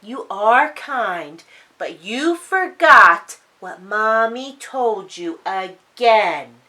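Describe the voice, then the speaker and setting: A woman voicing a worried, loving mother duck in a storybook reading, fussing and gently scolding. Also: fairly high pitch, lively intonation, drawn-out words, exaggerated voice.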